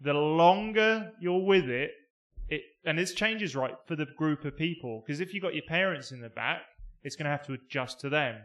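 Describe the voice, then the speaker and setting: A man in casual podcast chat, animated, breaking into snatches of song and beeping sound effects. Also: a little high, moderate pace, hardly any pauses. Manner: animated, bursts into sung lines and sound effects. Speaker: podcast co-host.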